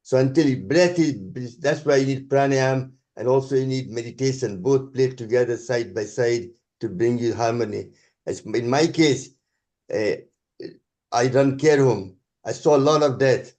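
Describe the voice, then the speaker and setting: A man with a Scottish accent giving an earnest, halting spiritual talk over a video call. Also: medium pitch, dark tone. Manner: earnest, halting, restarts sentences. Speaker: guest speaker.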